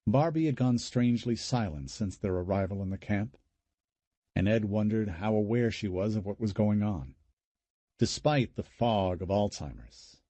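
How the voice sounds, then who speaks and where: Low, dark, husky male narrator. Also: no echo. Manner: measured, even storytelling. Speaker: audiobook narrator. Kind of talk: scripted narration.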